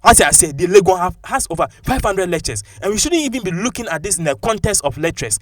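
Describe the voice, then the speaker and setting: A man with a Ghanaian English accent giving animated, opinionated commentary and mixing local-language phrases into his English. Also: sits high, fast talker, dry recording, studio quality.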